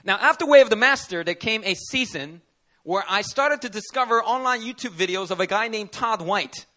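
A pastor with a high-pitched voice preaches at a moderate pace during a church service. He delivers his sermon through energetic, animated storytelling, performing the voices of those he quotes.

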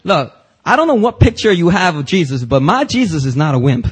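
A man with a husky, slightly higher voice preaches a church sermon. He talks casually with slang but builds to forceful, rising passages when quoting scripture. His delivery is emphatic throughout. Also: sing-song, a little fast, rough recording. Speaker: pastor. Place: church service.

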